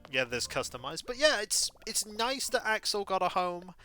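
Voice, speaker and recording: A man chats his way through a cozy life-sim game on a livestream, slipping between cheerful remarks and half-muttered asides. His voice sits a little high and bounces around with plenty of lift. The tone is bright and forward, with quiet game music playing underneath. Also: big pitch swings, moderate pace. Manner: chatty, muttering asides to chat. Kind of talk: casual gameplay commentary.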